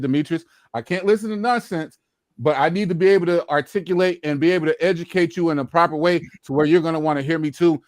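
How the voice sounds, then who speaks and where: A man's voice: fairly high pitch, no room sound, studio quality. A man from the American South with a Southern accent, talking earnestly on a live-stream panel, repeating himself and swearing at times. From Louisiana, Mississippi. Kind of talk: impassioned casual talk.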